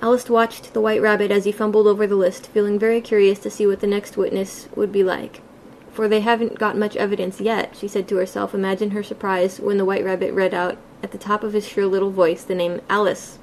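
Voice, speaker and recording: A woman's voice: mid-range voice, flat delivery, darkish tone, a little hiss or hum, poor audio. Woman reading a storybook aloud. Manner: plain, unhurried reading with small slips. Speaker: audiobook reader. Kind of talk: reading a classic children's novel aloud.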